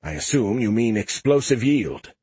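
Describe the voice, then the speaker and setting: A man's voice: medium pitch, animated, moderate pace, warm tone, breathy edge. A man voicing a male starship AI in an audiobook, giving matter-of-fact reports in a raised voice. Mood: puzzled. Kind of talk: audiobook character voice.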